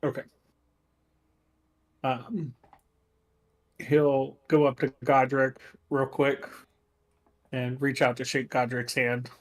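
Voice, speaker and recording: A man playing a tabletop role-playing game, casually describing his character's actions with many pauses and fillers. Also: mid-range voice, level tone. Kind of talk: casual play narration.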